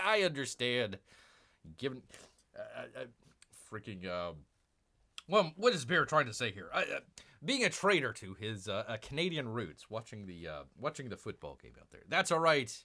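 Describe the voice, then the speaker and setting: A man's voice: mid-range voice, bright, forceful tone. A man hosting a casual live stream about comic books, rambling through fillers and restarts, calling himself Bear and talking to viewers as "people.". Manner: calls himself Bear in the third person; keeps addressing viewers as "people".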